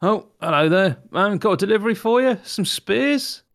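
A man's voice: sits high, lively intonation, normal speed, fairly bright tone, voice pushed up. A man voicing an adventurer who poses as a delivery man, speaking casually and evasively. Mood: breezy. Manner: casual and evasive, feigning innocence.

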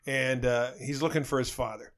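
A man of middling pitch co-hosting a podcast, rambling through a crude joke. He chats loosely, drifts off into asides and laughs at his own punchlines. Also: fairly even intonation, moderate pace, fairly bright tone. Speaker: podcast co-host. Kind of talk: casual crude chat and joke telling.

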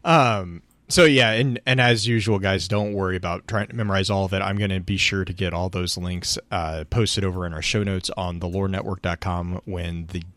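A man's voice: low voice, steady tone, normal speed, few pauses, a bit bright, dry recording. A man hosting a podcast, talking in a playful, joking way. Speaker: podcast host. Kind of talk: casual podcast chat.

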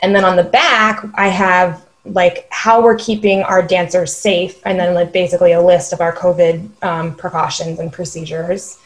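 A woman's voice: on the low side, level tone, normal speed, few pauses. A woman co-hosting a podcast, a dance studio owner talking about her enrollment in an upbeat, chatty way. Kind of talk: casual podcast chat.

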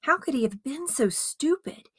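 A woman narrating a dramatized biography as an audiobook, with expressive storytelling. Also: high voice, normal speed, no room sound, clean studio sound.

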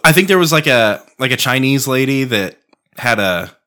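A man's voice: mid-range voice, animated, normal speed, sharp tone. A man co-hosting a casual podcast chat, rambling, swearing and laughing often. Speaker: podcast co-host.

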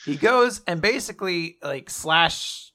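A man casually recapping a story with animated delivery, laughing often and acting out the characters. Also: fairly high pitch, slow pace.

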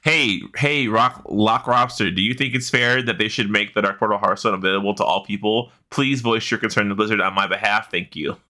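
A man's voice: lowish voice, a little fast, few pauses, bright, forceful tone. A man in his thirties co-hosting a podcast, joking around and swearing freely in casual chat. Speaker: podcast co-host.

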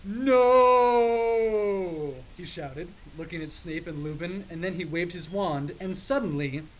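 A young man co-hosting a podcast, reading a ridiculous story aloud in a dry, deadpan way. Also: on the high side, normal speed, slightly rough, dull audio. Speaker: podcast co-host. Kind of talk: comedic dramatic reading.

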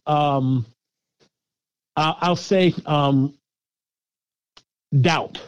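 Lively higher-voiced man, dull dry sound. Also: extremely slow, smooth, no room sound. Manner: animated, repeats words while thinking, laughs often. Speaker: guest filmmaker. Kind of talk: casual interview answers.

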